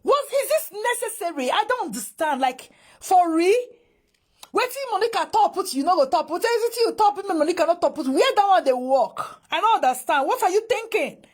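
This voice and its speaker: A woman's voice: very high-pitched, lively intonation, a little fast, a little mellow. A woman with a Nigerian accent, ranting in exasperated reaction commentary, mixing Pidgin and English. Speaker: social media commentator.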